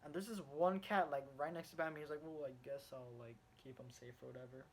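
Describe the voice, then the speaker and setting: A man's voice: fairly high pitch, fast. Rambling young man recapping a comic. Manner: rambling, lots of fillers and restarts, excitable bursts. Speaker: comic reviewer. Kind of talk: casual comic book recap. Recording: faint background noise, home recording.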